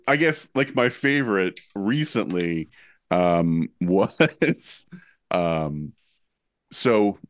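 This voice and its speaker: A man's voice: deep voice, clean tone, dry recording, studio quality. A man co-hosting a podcast, telling a prank story in casual chat and giggling through it as he searches for his words. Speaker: podcast co-host.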